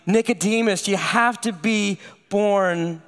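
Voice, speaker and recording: A man voicing a calm, earnest teacher who speaks bluntly and deliberately. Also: high-pitched, long reverb tail, full character voice. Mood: insistent.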